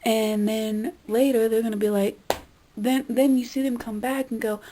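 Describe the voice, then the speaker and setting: A woman's voice: a little high, fairly even intonation, normal speed, warm tone, slight background noise, poor audio. A young woman vlogging a casual rant, exasperated and swearing, now and then mimicking the people she talks about. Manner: exasperated, swearing, mimics customers in quoted voices. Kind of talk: casual ranting monologue.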